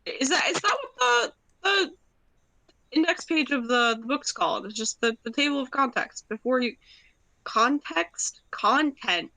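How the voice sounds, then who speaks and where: Teen girl friend on a game call, bright voice, giggly and curious, dry sound. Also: high-pitched, lively intonation, normal speed, gravelly, no room sound, low-quality recording. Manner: giggly, curious, trailing off mid-sentence. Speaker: co-player friend. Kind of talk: casual chat.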